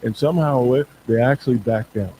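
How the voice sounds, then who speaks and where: Guy guesting on a talk show, mellow low-key tone, gets emphatic and stumbles over repeats. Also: a little fast, slight background noise, low-quality recording. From Bakersfield, California. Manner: emphatic, repeats words when worked up. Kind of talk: casual talk-show conversation.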